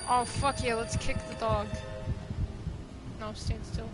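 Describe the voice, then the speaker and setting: A woman hosting a let's play, reading game text aloud and swearing excitedly at the game. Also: a little high, slow, over loud music. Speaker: gaming video host.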